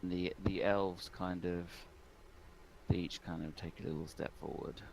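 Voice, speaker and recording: A man's voice: deep voice, little pitch movement, normal speed, creaky, a little mellow, a little hiss or hum, poor audio. A man narrating a tabletop game as game master, descriptive and hesitant with ums.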